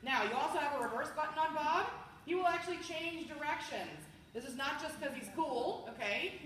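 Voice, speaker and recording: Woman, party sales presenter, bubbly and animated, bright tone, echoey room from far off. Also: sits high, a little hiss or hum. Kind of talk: product demonstration to a group.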